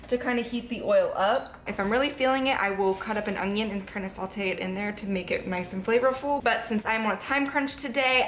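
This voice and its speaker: A woman's voice: fairly high pitch, fairly bright tone, slight background noise. A woman talking viewers through a recipe step by step in her home kitchen, in a casual, chatty way. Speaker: cooking vlogger. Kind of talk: casual cook-along narration.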